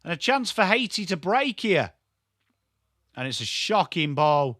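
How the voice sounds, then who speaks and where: A man with a strong Yorkshire accent giving live football watchalong commentary, excitable and sweary, chatting to viewers by name. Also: sits high, a little slow, long pauses, dry recording, clean studio sound. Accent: Yorkshire English. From Yorkshire, England. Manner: excitable, sweary banter addressed to chat viewers. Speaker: watchalong streamer.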